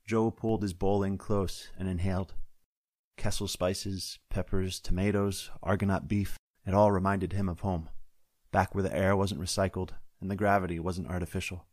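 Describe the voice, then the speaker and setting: A man, the author, reading his science-fiction story aloud in a steady, wry narrating manner. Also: sits low, normal speed, no room sound. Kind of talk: scripted audiobook narration. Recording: dry close-up studio sound.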